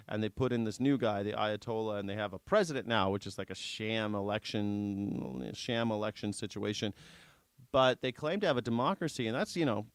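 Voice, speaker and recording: A man's voice: medium pitch, smooth, no room sound. A man hosting a live news reaction show, sarcastic, jokey and profane in casual commentary.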